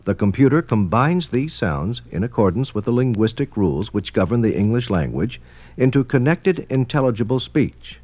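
A man's voice: medium pitch, very animated, normal speed, a little mellow, no echo. A man giving formal, explanatory scripted narration for a documentary.

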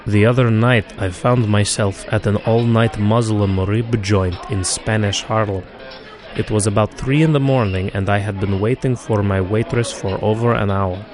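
A man's voice: on the low side, fairly even intonation, normal speed, over music. Dry-voiced male radio commentator. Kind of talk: first-person comic monologue.

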